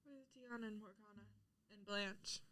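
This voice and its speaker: A woman player in a tabletop game, speaking in a hesitant, measured way. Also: medium pitch, fairly even intonation, pushed and bright.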